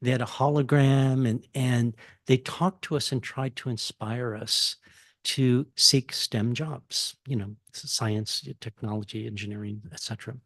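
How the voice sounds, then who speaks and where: An older man from Texas tells a story at a campus talk, chuckling often and restarting his sentences. His voice sits at an ordinary middle pitch and sounds close and dry, with no room echo. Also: fairly even intonation, a little slow. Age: 60s. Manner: casual, chuckling, many fillers and restarts. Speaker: guest speaker. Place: lecture hall.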